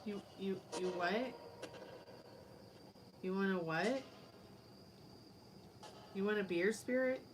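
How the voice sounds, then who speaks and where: Hosting a live tarot and spirit box stream, a woman chats casually with both her viewers and the spirits. She sounds sleepy and yawns, speaking slowly in a mid-range voice with frequent pauses. Background noise is clearly audible.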